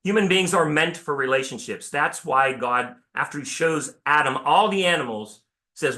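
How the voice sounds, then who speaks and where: A man's voice: a little high, normal speed, pushed and bright. A man from Pennsylvania, a priest preaching a sermon in a conversational way, restarting phrases and asking rhetorical questions. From Pennsylvania, United States. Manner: conversational, self-correcting, full of rhetorical questions.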